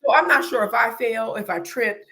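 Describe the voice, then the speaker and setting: A woman's voice: a little high, normal speed. A woman hosting an interview, telling a funny story with lots of laughter and acted-out screams. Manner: lively storyteller, laughs often, acts out her own screams. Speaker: host. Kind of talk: casual interview chat, animated storytelling.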